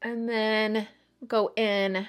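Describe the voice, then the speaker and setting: A woman's voice: mid-range voice, level tone, extremely slow, clear, resonant tone. A woman chatting casually while doing her makeup for a get-ready-with-me video, chatty and self-mocking. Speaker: beauty vlogger.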